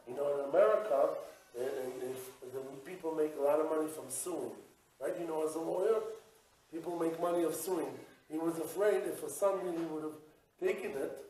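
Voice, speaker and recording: A man serving as a rabbi and yeshiva supervisor, telling a story in a religious lesson in an animated, halting way with many restarts. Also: a little high. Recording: echoey room, mic at a distance.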